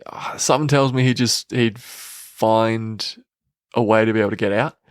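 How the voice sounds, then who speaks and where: A young Australian man co-hosting a sports podcast, easygoing and quick to chuckle. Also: lowish voice, fairly even intonation, smooth, no room sound, studio quality. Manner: easygoing, chuckles through his points. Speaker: podcast co-host. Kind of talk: casual sports chat.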